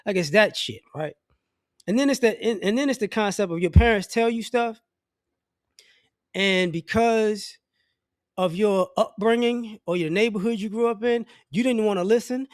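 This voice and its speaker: A middle-aged man with a notably high voice delivers a blunt, profane opinion rant to camera. He rambles and restarts his sentences as he talks. The recording is dry and close, with no room sound. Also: moderate pace, dry recording. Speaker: vlogger.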